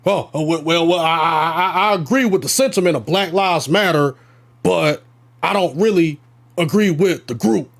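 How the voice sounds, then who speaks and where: A man's voice: a little high, normal speed, vocal fry. A man putting on the voice of a hesitant, stammering churchgoer in a mocking imitation. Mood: whiny hedging.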